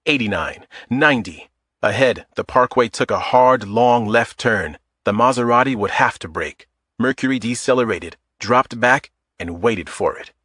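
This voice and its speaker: A man narrating a thriller audiobook in a measured, steady way. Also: on the low side, no echo, clean studio sound.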